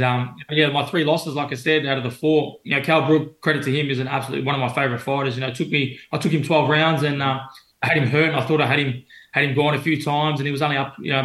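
A man's voice: medium pitch, fairly even intonation, fast talker, a bit bright. A young Australian man, a boxer, telling stories in a loose, rambling way full of fillers and restarts. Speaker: professional boxer guest. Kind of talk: casual interview storytelling. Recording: roomy echo.

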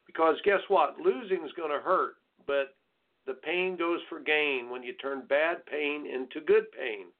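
Heard on a tinny phone-line recording, a US tennis coach and radio host talks through coaching advice in an unhurried, slightly high male voice. His manner is blunt, folksy and preachy, with mocking sing-song asides aimed at soft attitudes.

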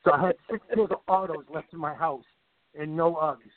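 A middle-aged man with a somewhat high voice rambles through a long story, repeating himself and hopping between asides. He comes through a thin, tinny phone-like line. The sound is dry and close. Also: fairly even intonation, moderate pace, no echo. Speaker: guest. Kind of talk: casual storytelling.

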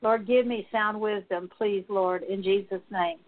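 A woman praying aloud as a minister, leading a spoken prayer of confession as a steady litany of repeated petitions. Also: mid-range voice, unhurried. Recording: tinny phone-like sound.

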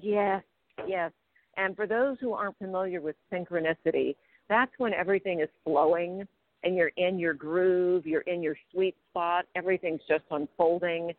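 A woman's voice: lowish voice, fairly even intonation, normal speed, no room sound. A woman hosting an interview, encouraging and explaining ideas to her listeners. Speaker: host. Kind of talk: interview over the phone. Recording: dry tinny phone line.

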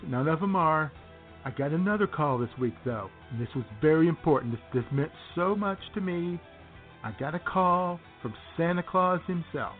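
A man's voice: fairly high pitch, close to an everyday voice. A man voicing a boastful, self-congratulating president-elect in a comedy radio bit, piling up repetitive superlatives. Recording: tinny phone-like radio audio with music.

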